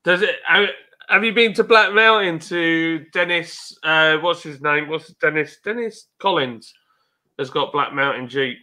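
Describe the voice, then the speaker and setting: A man's voice: a little high, unhurried, pushed and bright. A man joking and teasing on a casual group video call. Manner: jokey, teasing banter.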